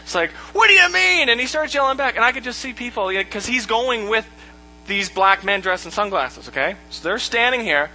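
Animated, joking man retelling a Bible story. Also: high voice, brisk, slight background noise, rough recording. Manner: animated, jokey, acts out characters' lines. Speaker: Bible study teacher. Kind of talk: casual storytelling Bible lesson.

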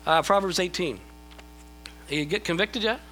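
A man's voice: high voice, normal speed, pushed and bright, a little hiss or hum, rough recording. A middle-aged man preaching a sermon in a conversational, self-deprecating way, often repeating his words as he starts a thought. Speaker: pastor.

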